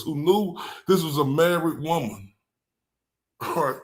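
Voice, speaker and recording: A man's voice: fairly high pitch, animated, slow pace, fairly bright tone. A man hosting a live reaction stream, talking bluntly and profanely, mocking what he hears and talking to his chat.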